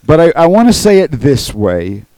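A man's voice: fairly high pitch, very animated, normal speed, mellow, no room sound, low-quality recording. A man preaching a sermon in an earnest, emphatic way, often checking in with his listeners. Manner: earnest, emphatic, repeats "okay?" to the congregation. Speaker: pastor.

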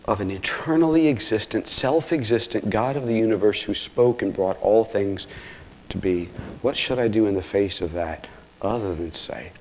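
Earnest preacher, hushed to booming. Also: male voice, slight background noise. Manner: swings from hushed near-whispers to loud emphatic exclamations; earnest, with self-corrections and asides. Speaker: pastor. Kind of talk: expository sermon.

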